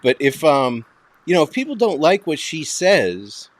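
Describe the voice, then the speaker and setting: A man's voice: fairly high pitch, very animated, a little slow, no room sound. Male host, Boston accent, profane and rambling, casual talk-show chat.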